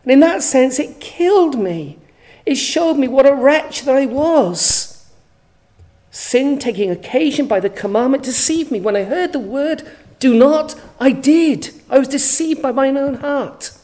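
A woman's voice: high-pitched, animated, a little slow, dark tone, low-quality recording. Emphatic woman preaching a sermon. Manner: earnest, emphatic scripture reading with rhetorical questions.

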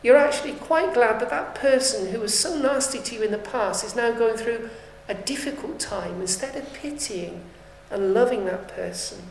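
Woman preacher delivering a sermon with earnest fervour; slightly high voice, roomy echo. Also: expressive, moderate pace, creaky, a little hiss or hum. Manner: earnest, rising to fervent appeals. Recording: echoey room.

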